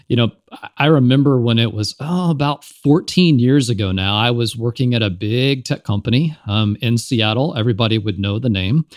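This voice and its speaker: A man's voice: medium pitch, no echo. A man with a Southern US accent, a podcast guest, tells his story in an upbeat, chatty way and laughs easily. His voice sits in a middle register. The sound is close and dry. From Kentucky and Texas. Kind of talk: casual podcast interview.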